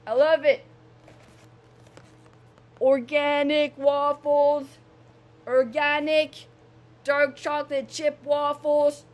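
A young woman from Canada vlogging casually, repeating herself and gushing with excitement. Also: sits high. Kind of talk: casual vlog monologue.

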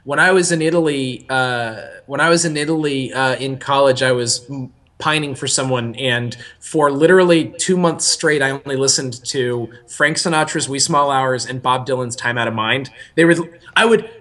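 A young man co-hosting a podcast, talking casually in a rambling, animated way that often breaks off and restarts. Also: mid-range voice, normal speed. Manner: rambling, self-interrupting, animated. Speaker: podcast co-host.

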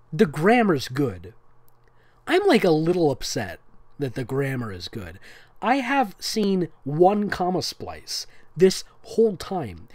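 Hushed man reading in a dry, close voice. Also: a little high, no echo. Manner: soft, hushed, often whispered delivery; sarcastic, incredulous commentary. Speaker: reader. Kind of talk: ASMR-style reading with comedic asides.

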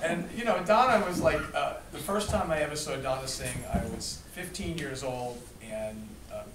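Animated man telling a story in an echoey room. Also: on the high side, moderate pace, background noise. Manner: animated, laughing, acts out quotes. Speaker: storyteller recounting a memory. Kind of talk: casual anecdote to a group. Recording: echoey room, distant mic, crowd behind.

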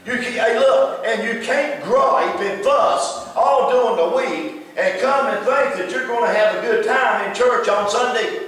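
Preacher, emphatic sermon, high voice, heard from far off in a big echoing church hall. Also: male voice, measured pace, hardly any pauses, fairly bright tone. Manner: emphatic, addresses listeners by name.

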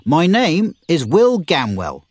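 A man's voice: a little high, wildly swooping pitch, slow pace, dry recording, voice pushed up, heavily acted. A man voicing a proud, tough young swordsman who talks in a blunt, defiant way.

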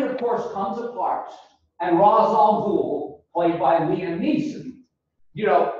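A male lecturer speaks in an unhurried, high, highly expressive voice. He is heard from a distance through a dull, lo-fi recording. The classroom around him is very echoey. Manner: animated, acts out quotes with raised voice. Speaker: ethics lecturer.

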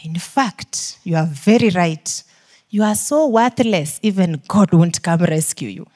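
A scornful devil taunting its listener, voiced by a woman preacher. It sounds low and mocking, pressing its point with quiet contempt. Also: expressive, unhurried. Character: scornful devil whispering in the mind.

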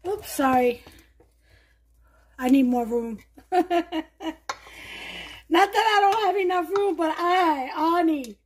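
A woman with a Brooklyn accent hosting a home cooking show, chatting warmly to viewers as she demonstrates a recipe. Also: very high-pitched, animated, slow, long pauses. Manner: chatty, enthusiastic, talks to viewers. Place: home kitchen.

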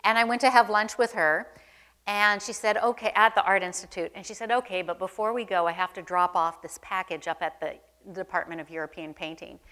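A woman's voice: on the low side, fairly even intonation, brisk, bright, forceful tone. A middle-aged woman speaks as the guest curator at a museum talk, trading anecdotes before an audience. Her delivery is chatty and self-deprecating, full of small ums and asides. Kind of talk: onstage conversation, anecdotal storytelling.

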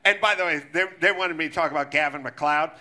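A man's voice: on the high side, fast, background noise. A man hosting a podcast, ranting in a profane, exasperated and sarcastic way. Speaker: podcast host. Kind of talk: ranting comedic podcast talk.

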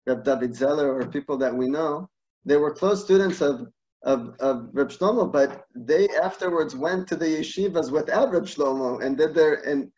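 Man, online class, storytelling, animated, searching for words, dull video call audio. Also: fairly high pitch, moderate pace. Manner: animated, laughs at his own stories, searches for words. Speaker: teacher.

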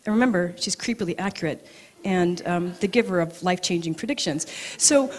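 A middle-aged woman telling personal stories at a live event, animated and acting out both sides of her conversations. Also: lowish voice, brisk. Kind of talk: live storytelling talk. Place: event venue, audience present.

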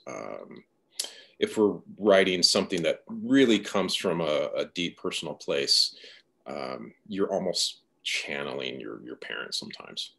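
A man's voice: rumbling low, gravelly. A man, a novelist, speaking thoughtfully and personally as the guest in a conversational interview. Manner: thoughtful, soft-spoken, personal.

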